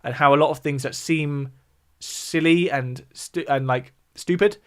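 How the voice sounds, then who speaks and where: Pitched on the high side and speaking at a measured pace, a southern English man from the south of England runs a music livestream. He chats casually, explains things, and reacts to the viewer chat in between his points.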